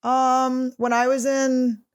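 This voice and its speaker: A woman's voice: high-pitched, flat delivery, slow, clear, resonant tone, dry recording, clean studio sound. A woman comedian in her thirties, answering listener questions in a casual solo chat, blunt, crude and self-mocking.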